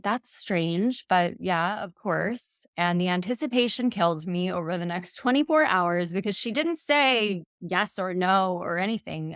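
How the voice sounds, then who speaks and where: A woman's voice: on the low side, a bit bright, dry recording, studio quality. A woman in her thirties, a podcast guest, earnestly retelling a personal story and quoting messages aloud.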